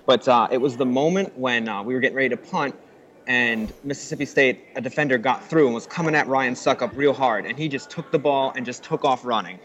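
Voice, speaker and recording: A man being interviewed by phone on a sports show, answering in a relaxed, storytelling way. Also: mid-range voice, fairly quick. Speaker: guest on a phone call. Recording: slightly muffled phone call.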